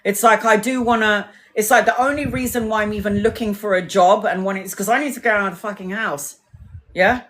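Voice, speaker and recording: With a medium-pitched voice and a slightly fast pace, a female tarot reader chats on a live stream. She's an animated storyteller who swears freely and plays out other people's lines.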